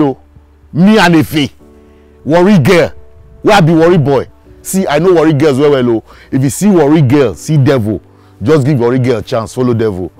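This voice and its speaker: An actor with a Nigerian accent playing a boisterous, teasing roommate in a Pidgin film comedy. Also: male voice, medium pitch, darkish tone, no echo, natural voice. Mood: alarmed. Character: teasing joker roommate, loud and playful.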